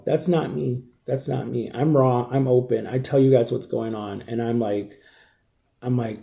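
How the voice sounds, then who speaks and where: A grieving man speaks to his viewers in a very dark, mellow voice at an ordinary pitch. He talks in halting, raw bursts and often drops almost to a whisper, sounding shaken. It is an emotional storytime vlog. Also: steady tone, gravelly. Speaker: vlogger.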